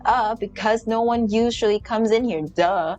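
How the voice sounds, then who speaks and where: A woman's voice: fairly high pitch, normal speed, darkish tone, faint music behind, close to an everyday voice. A woman voicing a bratty, annoyed teenage girl who talks back snottily and defensively.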